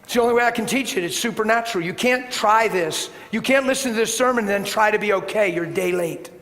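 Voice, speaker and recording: A middle-aged man preaching a sermon and telling a personal story, swinging between loud bursts and hushed, gentle tones. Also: high-pitched, fast. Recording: reverberant hall with faint background hiss.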